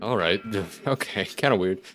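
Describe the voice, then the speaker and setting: Deep-voiced man narrating his gameplay. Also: measured pace. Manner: thinks aloud, wry asides, sudden excited outbursts. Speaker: gaming video host. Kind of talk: let's-play commentary.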